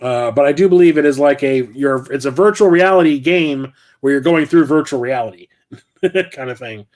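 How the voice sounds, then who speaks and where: A man's voice: medium pitch, normal speed, a little mellow. A middle-aged man chatting casually about his game collection, rambling, correcting himself and swearing freely. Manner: rambling, profane, self-correcting. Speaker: game collector and channel host. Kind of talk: casual vlog chat.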